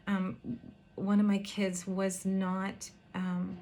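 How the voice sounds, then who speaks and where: A woman pastor preaching a heartfelt, earnest sermon, with pauses and some hesitations. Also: mid-range voice, monotone, warm tone.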